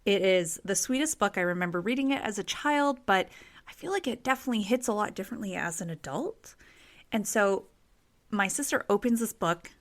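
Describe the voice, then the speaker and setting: Woman, podcast host, casual true crime storyteller, expressive, mid-pitched voice. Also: brisk. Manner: chatty and expressive, with frequent "like" fillers.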